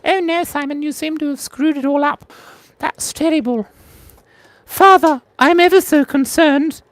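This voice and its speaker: A man doing a squeaky prim posh child. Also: unhurried, a bit bright, no room sound. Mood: fretful. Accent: Australian. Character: prim, fretful posh child talking to father.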